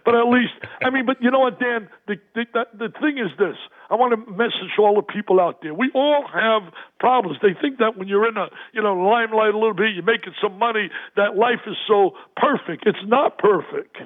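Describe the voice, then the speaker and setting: High, tinny phone-line voice of an older man. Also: a little fast, few pauses. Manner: emphatic, repetitive, energetic storyteller. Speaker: guest, basketball analyst. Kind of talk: phone-in radio interview.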